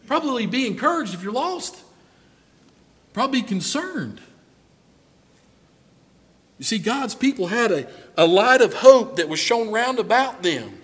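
A man's voice: very high voice, very animated, measured pace, pauses often, long reverb tail. A man preaching a sermon in a folksy way, calling out to members of the congregation by name.

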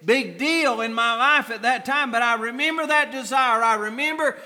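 A man's voice: extremely high pitch, normal speed, sharp tone, big-room sound. A man preaching a sermon as pastor, fervent and repeating his phrases for emphasis.

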